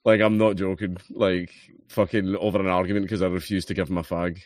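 A Scottish man in his thirties with a lowish voice tells anecdotes, swearing freely. The sound is dry and close. He talks in a loose, casual way. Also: level tone, a little fast, darkish tone, no echo. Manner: swearing storyteller. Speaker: podcast guest. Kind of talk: casual chat.

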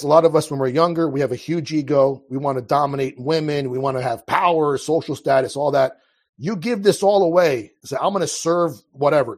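A man's voice: fairly high pitch, husky. A man speaking as a guest in a casual conversation, earnest and impassioned, often restarting his sentences. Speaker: podcast guest.

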